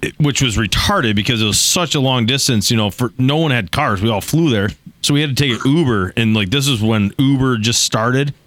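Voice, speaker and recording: A man's voice: mid-range voice, fairly quick, few pauses, a bit bright, no echo. A man telling a rambling story in casual, profane chat.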